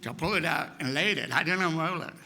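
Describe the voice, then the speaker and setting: A man as guest speaker, telling a personal story to a congregation in an animated way, acting out what others said. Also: a little high, fast talker, vocal fry. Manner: animated, acts out quotes, laughs often. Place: congregation hall.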